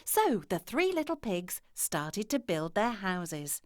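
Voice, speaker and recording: A woman narrating children's fairy tales in an expressive storytelling manner. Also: medium pitch, slow pace, no room sound, studio quality.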